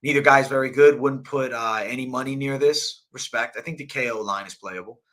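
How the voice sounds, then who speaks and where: Brief: young male host, bright tense tone, loose profane chat about fight picks. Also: mid-range voice, brisk. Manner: casual, profane, slangy. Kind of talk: live fight betting breakdown.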